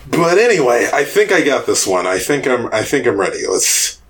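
A man's voice: medium pitch, a bit bright, slight background noise. A man hosting a podcast, chatting loosely and rambling about tabletop games. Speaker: podcast host.

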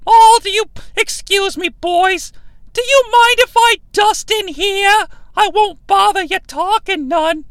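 Woman as a fretful housewife: very high, exclamatory, melodramatic, close and dry. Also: slow pace, fairly bright tone, dry recording, exaggerated voice. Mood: polite. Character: fretful housewife, prone to panic. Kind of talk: improvised comedy podcast.

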